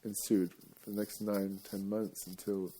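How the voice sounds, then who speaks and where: A man giving a rambling, jokey live talk to an audience, breaking now and then into loud playful chants. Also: on the low side, flat delivery, unhurried.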